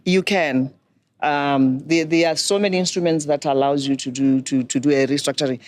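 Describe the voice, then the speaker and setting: A middle-aged woman, a banking expert giving measured, instructive advice. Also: deep voice, steady tone. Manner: measured, instructive, poses questions to listeners. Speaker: banking and microfinance expert guest. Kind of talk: explanatory advice talk.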